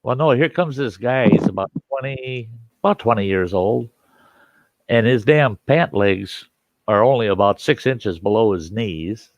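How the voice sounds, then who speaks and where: A man's voice: medium pitch, lively intonation, measured pace, no room sound, dull audio. A man hosting a campfire show, telling a funny story and laughing often. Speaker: host.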